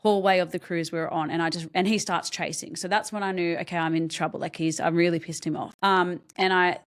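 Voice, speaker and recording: A young adult woman, a podcast guest telling her own story in a candid, halting way, with many ums and restarts. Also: fairly low pitch, fairly even intonation. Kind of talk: personal story told in an interview.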